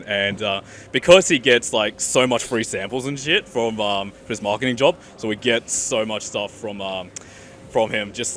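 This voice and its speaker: A man's voice: on the low side, fairly bright tone, a little hiss or hum. A man with an Australian accent interviewing an actor, eager and chatty with rambling asides. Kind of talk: casual interview questions.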